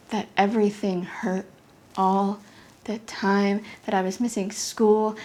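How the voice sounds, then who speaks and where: A young adult woman performing a confessional comedy monologue, intense and halting, with an emotional delivery. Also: mid-range voice, a little mellow. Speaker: solo comedian. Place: apartment.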